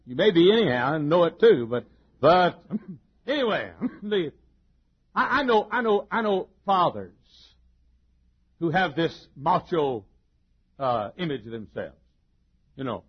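A male pastor preaching a folksy, joking sermon, chuckling often and swinging between loud and soft. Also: on the high side, sing-song, measured pace, long pauses, breathy edge. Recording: dull lo-fi sermon recording.

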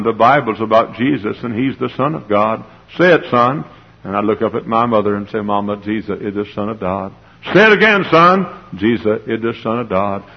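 A man preaching a sermon to a congregation, with an impassioned style that swells toward shouting, on a muffled old tape. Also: on the low side, vocal fry, husky. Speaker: pastor. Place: church sanctuary before a congregation.

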